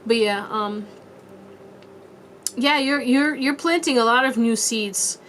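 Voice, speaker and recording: A woman's voice: a little high, takes it slowly, a bit bright, slight background noise. A young woman giving a casual pick-a-card tarot reading, chatty and rambling, with playful asides. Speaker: tarot reader.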